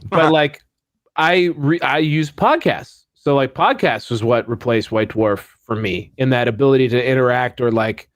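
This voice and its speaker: Male podcast co-host, casual and rambling, mid pitch, dry close mic. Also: normal speed, no echo. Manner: rambling, many fillers and restarts. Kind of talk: casual chat.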